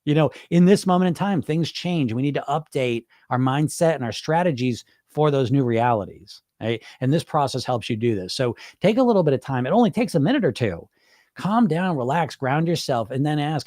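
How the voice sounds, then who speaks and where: Middle-aged male hypnotherapist host, informal, swears, fairly high voice, close dry sound. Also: animated, brisk, warm tone, no room sound. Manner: informal and chatty, with frequent swearing and laughs. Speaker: hypnotherapist hosting a live session. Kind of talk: casual live-stream talk answering viewer comments.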